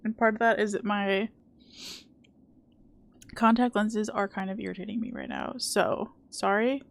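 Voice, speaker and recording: Give me a playful, self-mocking woman chatting through a live game stream, with a touch of fry. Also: mid-range voice, steady tone, a little slow. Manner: chatty, self-deprecating, swears casually, playful baby talk.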